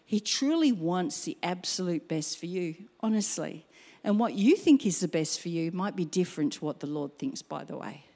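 A middle-aged woman preaching a sermon, acting out her own exclamations in an animated way. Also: on the low side, moderate pace, gravelly. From Australia.

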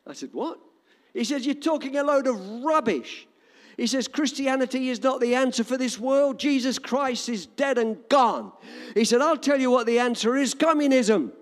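A man's voice: high voice, long reverb tail. An older man with an English accent preaching a sermon in an emphatic, repetitive cadence. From England.

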